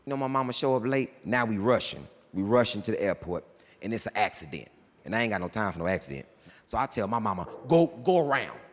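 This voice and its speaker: A male stand-up comedian telling stories in a jail, animated and jumping up into excited shouts. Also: lowish voice, fast. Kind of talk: stand-up storytelling. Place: jail, large hard room. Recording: long hall reverb, faint noise.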